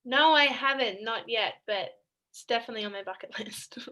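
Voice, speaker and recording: Bright-voiced young Australian woman. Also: a little high, a little fast, rough recording. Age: young adult. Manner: chatty, laughs often between sentences. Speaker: college basketball player. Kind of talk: casual interview over video call. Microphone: video call.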